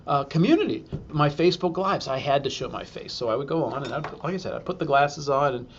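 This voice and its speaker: A man's voice: a little high, animated, quick pace, muffled recording, slight background noise. A man, a school superintendent, telling a humorous self-deprecating story to an audience and acting out the quotes.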